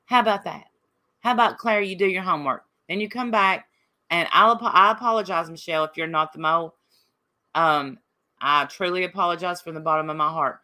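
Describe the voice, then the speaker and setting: A woman's voice: fairly low pitch, a little fast, sharp tone. Combative woman livestreamer. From Appalachia. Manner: combative, reading and answering chat comments. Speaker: livestream host. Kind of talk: casual livestream chat.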